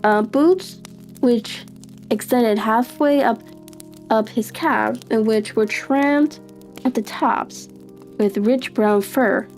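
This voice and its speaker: A woman giving a live reading of a classic detective story, unhurried, with small restarts and fillers. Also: fairly high pitch, a little mellow, faint music behind. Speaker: narrator reading aloud.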